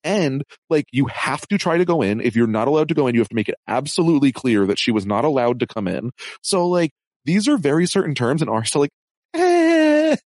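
A man co-hosting a podcast in casual chat, animated and laughing often as he mimics people. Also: on the high side, no echo. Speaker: podcast co-host.

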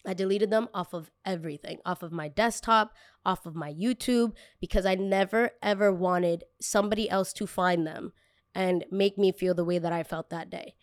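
A woman's voice: on the low side, steady tone, normal speed, dry recording, clean studio sound. A young woman content creator candidly telling a personal story, emotional and full of casual fillers.

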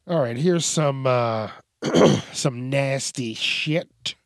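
Laid-back guy ranting about news stories, swears a lot, talks slow, dry close sound. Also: medium pitch, dry recording. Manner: profane, rambling, laid-back. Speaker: host. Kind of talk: casual news commentary.

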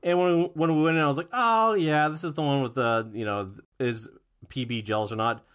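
A man co-hosting a podcast, casually recapping a cartoon episode in a relaxed way, with fillers and restarts. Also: medium pitch, brisk. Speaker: podcast co-host.

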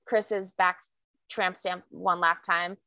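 A woman's voice: on the low side, fairly even intonation, takes it slowly, sharp tone, dry recording. A woman co-hosting a podcast in casual chat, gushing and playful as she talks. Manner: chatty, gushing, playful with quotes. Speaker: podcast co-host.

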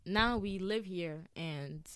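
A woman's voice: lowish voice, a bit bright, clean tone, no room sound. Chatty young woman hosting a podcast. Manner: chatty, fast storytelling with many fillers. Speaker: podcast host. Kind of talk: casual chat.

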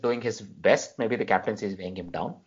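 Man talking cricket on lo-fi audio. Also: fairly low pitch. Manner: measured, analytical, frequent "right?" tags. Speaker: podcast host. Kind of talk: casual cricket discussion. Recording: dull lo-fi audio.

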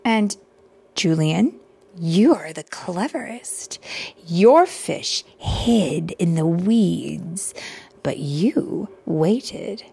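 Warm-hearted storybook mother of two boys, read by a woman; tender, hushed, husky and slow. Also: fairly low pitch, expressive, exaggerated voice. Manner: soft, tender, partly whispered.

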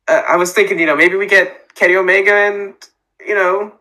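Casual male podcast co-host: bright tone, a bit high, joking and animated. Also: a little fast, rough recording. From Florida. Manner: joking, animated, acts out mock dialogue. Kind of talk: casual chat.

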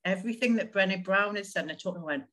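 A woman's voice: mid-range voice, quick pace, sharp tone. Chatty woman telling a personal story. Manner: chatty, laughs often, many fillers like "like". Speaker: interview guest.

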